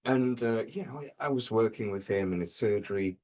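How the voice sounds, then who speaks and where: A man on a comedy panel telling an absurd dark tall tale in a dry, deadpan way, with hesitant fillers. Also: on the low side, a little fast.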